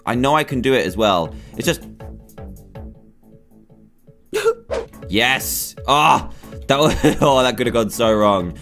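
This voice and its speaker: A young man giving excited gameplay commentary as a YouTuber, exclaiming and groaning at every near-miss. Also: medium pitch, slow pace, pauses often. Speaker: gaming YouTuber. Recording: faint game music behind.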